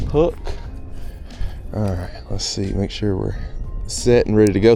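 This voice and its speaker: A man chatting casually and excitedly to viewers outdoors by a pond while fishing. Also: lowish voice. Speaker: fishing vlogger. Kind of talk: casual on-the-water vlog chat.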